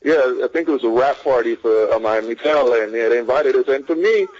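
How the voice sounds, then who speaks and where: A man talking as a guest in a casual interview, relaxed and measured, with many fillers. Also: mid-range voice, lo-fi sound. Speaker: guest, entertainment manager.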